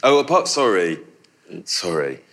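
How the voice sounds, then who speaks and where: A very low-pitched man with a Yorkshire accent talks casually about his film at an audience Q&A. He laughs often and trips over restarts as he speaks. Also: sing-song, a little slow, fairly bright tone. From Yorkshire, England. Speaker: film director at a Q&A. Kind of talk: casual conversational answers.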